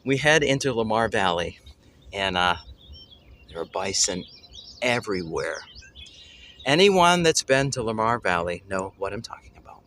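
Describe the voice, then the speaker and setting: A man hosting a family travel show, telling a story casually and excitedly, often pausing to search for words. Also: fairly low pitch, a little hiss or hum. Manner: excitable, gropes for words, exclaims "holy cow".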